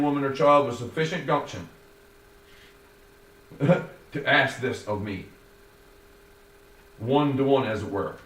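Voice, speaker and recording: A man reading his own first-person story in a wordy, formal, measured way. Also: medium pitch, a bit bright. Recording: roomy, distant, faint noise.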